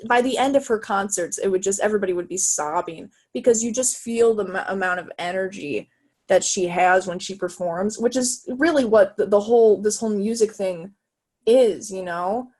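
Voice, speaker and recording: An 18-year-old woman from Illinois, a guest talking casually over a video call, eager and halting, full of fillers and restarts. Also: mid-range voice, a little mellow. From Illinois, USA. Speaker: guest, jazz trumpet player. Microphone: video call microphone.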